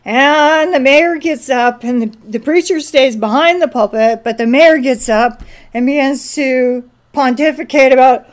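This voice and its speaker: A woman's voice: high voice, a little slow. A woman giving an informal sermon, telling a story and exhorting listeners. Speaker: preacher. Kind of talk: informal sermon with a film anecdote.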